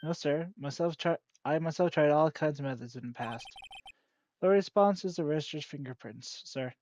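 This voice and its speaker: A man's voice: a little high, moderate pace, darkish tone, a little hiss or hum, natural voice. A man reading an eager young cop who keeps saying sir. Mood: earnest. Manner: ends sentences with a stiff "sir". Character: eager young male police officer, formal. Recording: dull lo-fi.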